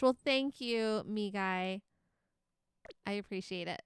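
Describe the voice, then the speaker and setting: A woman's voice: medium pitch, slow, slight background noise. A young woman streaming a game live, chatting casually, reading chat aloud and laughing often.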